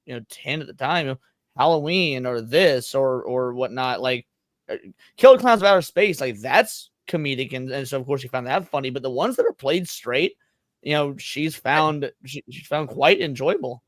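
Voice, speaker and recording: A man's voice: mid-range voice, expressive, moderate pace, dry recording, studio quality. A man guesting on a movie podcast, blunt and rambling with many restarts. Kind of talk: casual movie chat.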